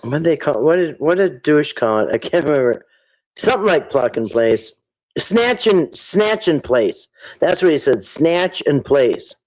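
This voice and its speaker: A man's voice: fairly high pitch, sing-song, moderate pace, darkish tone, low-quality recording. A man hosting a casual livestream, rambling and thinking aloud as he answers viewer chat. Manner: rambling, thinks aloud, quotes people in put-on voices.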